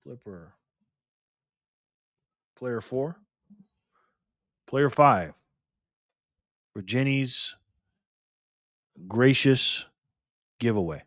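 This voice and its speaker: A man hosting a casual livestream, calling out viewers and donations with upbeat shout-outs. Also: mid-range voice, expressive, drawn-out words, pauses often, dry recording, studio quality. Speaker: livestream host.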